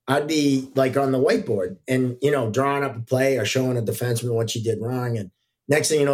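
Man telling relaxed referee stories. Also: medium pitch. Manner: relaxed, anecdotal, frequent fillers. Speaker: hockey referee and guest. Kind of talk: casual podcast storytelling.

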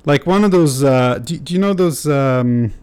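A man's voice: medium pitch, animated, measured pace, a little mellow, clean tone. A young man hosting a podcast, talking candidly in a rambling way, full of fillers and swearing. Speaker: podcast host. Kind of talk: casual podcast chat.

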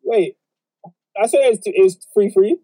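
A man co-hosting a casual football chat, excitable and prone to repeating himself. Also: high voice, slow pace. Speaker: podcast co-host.

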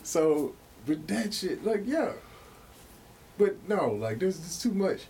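Animated, profane male podcast host. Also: high voice, slow, creaky, a little hiss or hum. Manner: animated and profane, with lots of fillers. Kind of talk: casual podcast storytelling.

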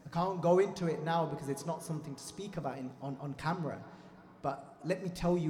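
A man's voice: a little high, fairly quick, darkish tone. A man giving a fervent sermon to a congregation, repeating lines emphatically and addressing the crowd directly. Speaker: Sikh preacher. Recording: echoey hall with faint music.

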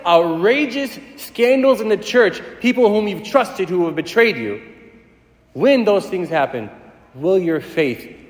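A man preaching a sermon as a priest, fast-talking and emphatic, building to intense passages. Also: sits high, expressive. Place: large church hall. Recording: echoey church hall with long reverb.

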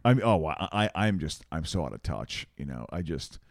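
A man's voice: rumbling low, sing-song, moderate pace, vocal fry, no room sound, clean studio sound. A man co-hosting a casual podcast chat, rambling and restarting his sentences and laughing easily. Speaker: podcast co-host. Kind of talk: casual chat while watching an awards show.

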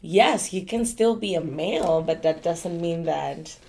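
Low gravelly woman, halting speech. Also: warm tone. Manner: hesitant, halting, trails off. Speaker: podcast guest. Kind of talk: casual chat.

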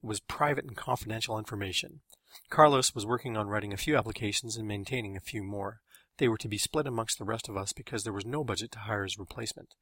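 A man's voice: on the low side, fast talker, fairly bright tone, dry recording, studio quality. A man reading his own story in wry, matter-of-fact first-person narration.

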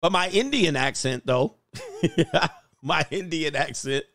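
A man's voice: on the high side, sing-song, slow pace, a bit bright. A man hosting a casual livestream, joking and rambling and often laughing as he talks. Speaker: host.

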